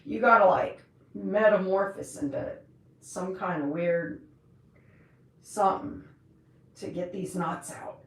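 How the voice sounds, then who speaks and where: A woman hosting a live stream, demonstrating stretches in a loose, joking, slangy way. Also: on the low side. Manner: chatty, joking, slangy, drawn-out. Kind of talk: casual live-stream exercise demo. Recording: echoey room.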